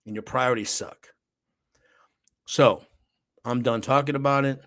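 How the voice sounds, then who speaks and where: Emphatic pastor man, loud then hushed. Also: medium pitch, fairly even intonation, fast, no echo, clean studio sound. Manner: emphatic, repeats lines for stress; loudness swings from near whisper to forceful. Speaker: pastor, show host. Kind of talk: impassioned monologue.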